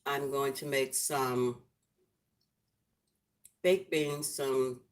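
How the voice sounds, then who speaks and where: A woman's voice: extremely low pitch, steady tone, extremely slow. A middle-aged woman hosting a casual home cooking livestream, chatting affectionately with viewers in the comments. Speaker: cooking channel host. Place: home, lit by a ring light.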